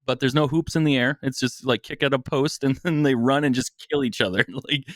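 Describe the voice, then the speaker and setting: A man's voice: medium pitch, brisk, fairly bright tone, no echo, clean studio sound. A man guesting on a podcast, chatting casually in a jokey, exaggerating way and laughing often. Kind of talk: casual chat.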